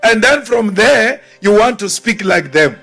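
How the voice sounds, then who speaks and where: A man's voice: high-pitched, expressive, unhurried, gravelly, soft background music. Defiant South African man giving a speech. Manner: forceful, defiant, repeats phrases for emphasis; mimics timid voices mockingly. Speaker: politician addressing a crowd. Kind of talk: rousing political speech.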